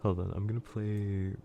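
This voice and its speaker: Gravelly low-voiced man telling horror stories. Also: mellow, a little hiss or hum. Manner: profane, laid-back storytelling with frequent restarts. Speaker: streamer. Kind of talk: casual horror story narration on a livestream.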